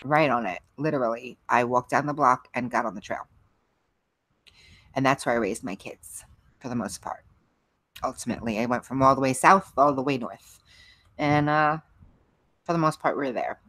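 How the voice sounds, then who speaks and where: A woman's voice: a bass voice, normal speed, long pauses, a bit bright, no room sound. A middle-aged woman hosting a livestream, chatting casually with viewers, rambling and laughing often. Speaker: livestream host. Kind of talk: casual chat with live viewers.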